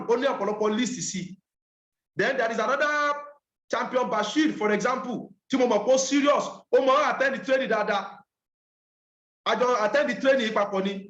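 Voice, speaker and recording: A man's voice: very high-pitched, fairly bright tone, reverberant, dull audio. A man leading an online business training, emphatic and repeating key points.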